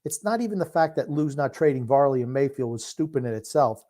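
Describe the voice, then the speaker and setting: A man co-hosting a casual sports podcast, blunt and opinionated, quick to disagree. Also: mid-range voice, lively intonation, mellow. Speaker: podcast co-host.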